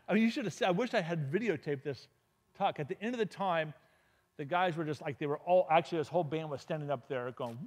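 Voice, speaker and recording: A man speaking to a church congregation as a guest speaker, telling a story in a lively, humorous, anecdotal way. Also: a little high, fast talker. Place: church sanctuary. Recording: long hall reverb.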